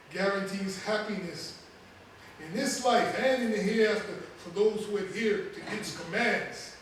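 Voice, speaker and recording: A man's voice: sits high, a little hiss or hum. A man preaching as imam in a mosque. He recites a formal opening, then builds to an emphatic sermon. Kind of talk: Friday sermon. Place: mosque prayer hall. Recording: very echoey hall, mic from a distance.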